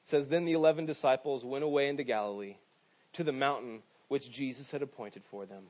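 The pastor here speaks fast in a medium-pitched, slightly mellow voice, delivering a chatty sermon. Repeated words, restarts, and frequent "right?" asides mark his style, and the sound is dull and lo-fi.

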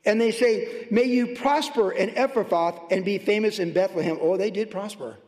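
High-voiced pastor in a reverberant church. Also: male voice, normal speed. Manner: passionate, swings from loud to hushed. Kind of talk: sermon. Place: church sanctuary.

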